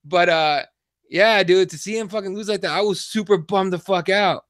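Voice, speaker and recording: A young adult man co-hosting a combat sports podcast, telling animated, profane stories in casual chat. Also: sits high, moderate pace, dry recording, clean studio sound. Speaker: podcast co-host.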